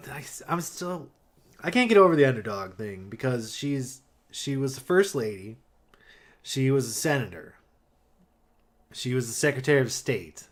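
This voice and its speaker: A man co-hosting a casual political podcast, dry and sarcastic in a relaxed way. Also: medium pitch, moderate pace, long pauses. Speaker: podcast co-host.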